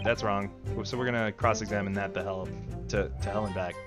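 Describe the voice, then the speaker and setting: A man's voice: fairly low pitch, steady tone, fairly quick, highs cut off. A man streaming a game, talking in a jokey, rambling way and laughing often. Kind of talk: casual game commentary. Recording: game music behind.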